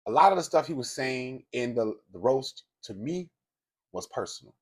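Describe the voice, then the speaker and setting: This commentary host speaks with a husky, expressive, mid-range voice at a normal pace. He addresses his viewers directly, telling a celebrity gossip story in a casual, blunt, profane way.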